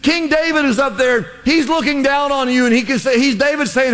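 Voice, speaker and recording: A man's voice: very high voice, a little fast, few pauses, a bit bright, big-room sound. A male pastor preaching a sermon in a church, with impassioned exhortations and lots of repetition.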